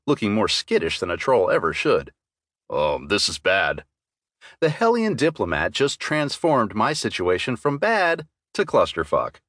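A man's voice: fairly low pitch, a bit bright, no echo, studio quality. A man narrating a fantasy audiobook in first person with dramatic storytelling.

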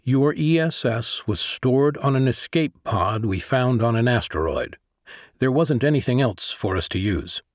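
A man voicing a patient male navy commander who speaks calmly and reassuringly. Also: medium pitch, a little slow, no room sound, clean studio sound, natural voice. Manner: calm, reassuring.

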